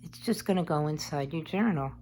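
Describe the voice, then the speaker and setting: A woman's voice: low voice, a little fast, darkish tone, a little hiss or hum. A woman chatting casually through a craft tutorial, meandering as she works. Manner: chatty and meandering, talks while working. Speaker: craft vlogger.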